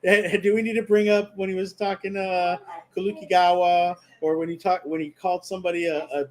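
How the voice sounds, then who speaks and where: A man's voice: high voice, level tone, brisk. A man co-hosting a casual sports podcast on a live stream, teasing and laughing often. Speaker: podcast co-host.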